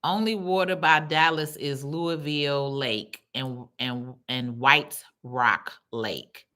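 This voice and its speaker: Chatty woman, low bright voice. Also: slow pace. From Chicago. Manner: chatty, animated, reads comments aloud. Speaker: livestream host. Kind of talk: casual chat reading viewer comments.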